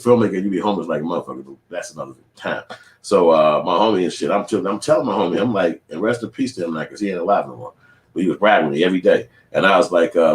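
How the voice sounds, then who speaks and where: A low-pitched man's voice fills a roomy-sounding space as he rants casually to camera. He's a Chicago independent filmmaker and vlogger in his 40s, reacting in emphatic street talk laced with profanity.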